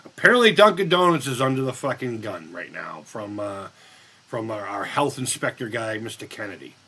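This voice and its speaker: A man's voice: on the low side, very animated, moderate pace, bright, forceful tone, a little hiss or hum. A man in his fifties hosting a casual live-stream chat, rambling, blunt and profane as he reads the chat. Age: 50s.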